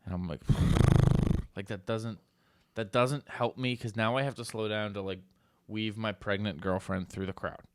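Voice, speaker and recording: A young man in casual podcast chat, retelling a story with animated, loud acted-out bursts. His voice sits on the low side and is recorded close and dry, with no room sound. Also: normal speed, clear, resonant tone, no room sound. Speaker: podcast co-host.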